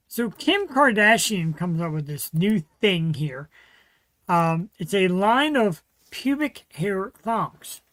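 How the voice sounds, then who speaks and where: A man's voice: high-pitched, fairly bright tone, no room sound, low-quality recording. Chatty rambling male stream host. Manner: rambling, chatty, full of fillers. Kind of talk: casual solo livestream chat.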